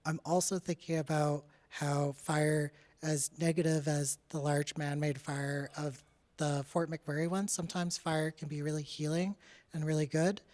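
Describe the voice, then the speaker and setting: In a flat, darkish, mid-pitched voice and at a slightly slow pace, a young Canadian artist walks through their work in an informal talk. They speak candidly and chattily, with frequent "like" and "uh" fillers and the odd laugh.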